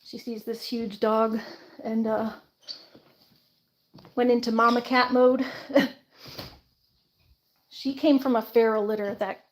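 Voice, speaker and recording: A woman's voice: fairly high pitch, little pitch movement, slow, long pauses, rough recording. A woman chatting casually on a live stream, laughing often and switching to baby talk with her birds.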